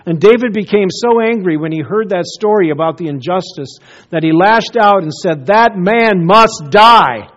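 A man preaching a sermon as pastor, telling a story earnestly and swinging between emphatic peaks and hushed, solemn drops. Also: high-pitched, normal speed, few pauses, lo-fi sound.

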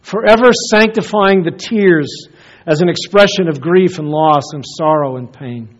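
A man preaching a sermon as pastor, earnest, often dropping to a hushed soft voice and repeating words as he searches for them. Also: a little high, measured pace. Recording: dull lo-fi recording.

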